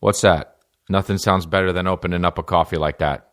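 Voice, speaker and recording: A man's voice: low-pitched, fairly even intonation, fairly quick, a bit bright. A man in his thirties hosting a podcast, rambling through a casual comedic monologue full of profanity, restarts and jokes. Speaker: podcast host.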